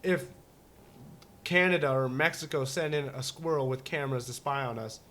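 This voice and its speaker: This American podcast co-host chats casually, rambling, joking, restarting often and using plenty of fillers. His voice is medium in pitch and a bit bright, at a moderate pace.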